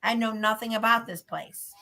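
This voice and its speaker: A woman's voice: fairly high pitch, normal speed, vocal fry. A woman hosting a show, telling a story in casual chat and acting out her own reactions. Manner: animated, acts out her own reactions in quotes. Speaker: podcast host.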